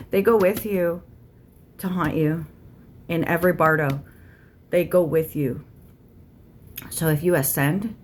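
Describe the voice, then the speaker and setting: A woman's voice: low voice, a little hiss or hum. A woman tarot reader channeling a spirit guide, ranting bluntly with heavy swearing and arguing back and forth with herself. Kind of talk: channeled spiritual rant to camera.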